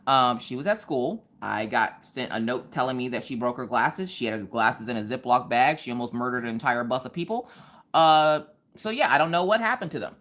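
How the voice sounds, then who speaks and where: Brief: low, animated female host, sarcastic storyteller, pitch swings all over. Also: a little fast. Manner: animated, sarcastic, acts out the people in her stories. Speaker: live-stream host. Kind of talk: casual storytelling on a craft live stream.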